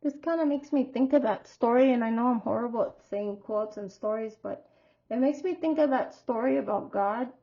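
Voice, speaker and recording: A woman's voice: on the high side, moderate pace, lo-fi sound. A woman giving a casual tarot reading to her viewers, talking in a chatty, rambling way and telling stories expressively. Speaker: tarot reader.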